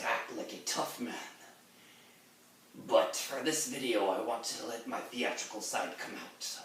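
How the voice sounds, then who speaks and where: A man's voice: mid-range voice, bright, forceful tone, slight background noise. A man playing a theatrical pirate captain, delivering his lines in a hammy, swaggering way. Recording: very echoey room, distant mic.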